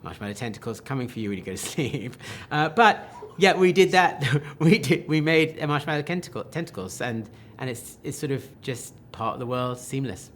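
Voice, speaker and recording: A man, a film director, answering interview questions with enthusiastic, animated talk full of restarts and quoted asides. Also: mid-range voice, normal speed, hardly any pauses, a little hiss or hum.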